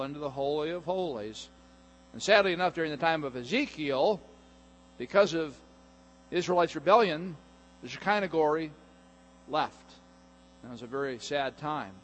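A middle-aged man preaching a sermon as pastor, animated and jokey, sometimes acting out voices. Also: a little high, moderate pace. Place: church sanctuary.

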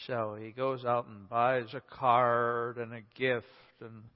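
A man's voice: medium pitch, flat delivery, slow. A male pastor preaching a sermon, telling a story and repeating key points for emphasis. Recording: echoey hall, slightly dull.

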